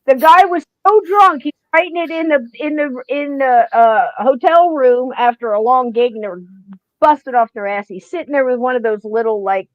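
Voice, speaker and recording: A woman hosting a podcast tells stories in a casual chat, putting on voices for the people she quotes. Her voice sits fairly high and the sound is dry and close. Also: normal speed, dry recording, dull audio. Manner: animated storyteller acting out quotes. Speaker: podcast host.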